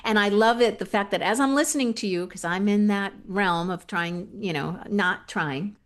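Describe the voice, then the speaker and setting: A woman's voice: medium pitch, normal speed, fairly bright tone. A middle-aged woman hosting a podcast interview, asking long, rambling, enthusiastic questions. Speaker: podcast host.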